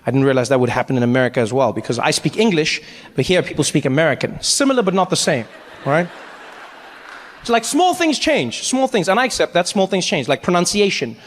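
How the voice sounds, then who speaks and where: Animated South African comedian, high voice. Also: male voice, a little fast, big-room sound. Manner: animated, self-mocking, rising to near shouts. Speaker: stand-up comedian. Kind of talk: stand-up comedy storytelling.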